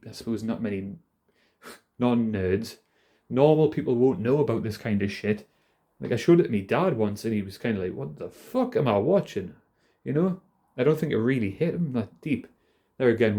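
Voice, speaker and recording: Casting: a man with a mellow voice, rambling and profane, ranting casually into a hand-held phone. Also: medium pitch. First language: not American. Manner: profane, rambling, laughs often. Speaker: vlogger.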